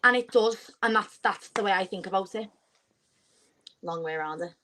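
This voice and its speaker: A woman, a podcast guest chatting casually and telling stories with lively quoted asides. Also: mid-range voice, moderate pace, a little hiss or hum, rough recording. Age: 20s. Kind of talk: casual chat.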